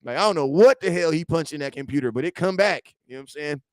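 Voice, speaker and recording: A man about forty hosting a casual football fan show from his garage, animated and slangy, swinging between loud outbursts and low asides. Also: fast talker, clear, resonant tone, no room sound, studio quality.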